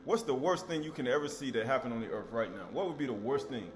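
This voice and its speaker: A man's voice: mid-range voice, lively intonation, quick pace. Man teaching scripture with emphatic repetition. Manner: emphatic, repeats key words, asks rhetorical questions.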